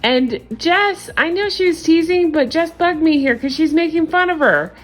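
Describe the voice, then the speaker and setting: A woman's voice: very high-pitched, lively intonation, normal speed, soft background music. A woman vlogger giving a casual, chatty recap of a reality show, frank and gossipy, with frequent laughs and casual swearing.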